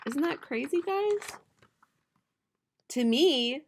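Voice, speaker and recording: Slow, playful woman reading to children. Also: on the high side, animated. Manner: slow, playful reading with bright, loud animal-sound imitations. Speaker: teacher. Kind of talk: picture book read-aloud for students.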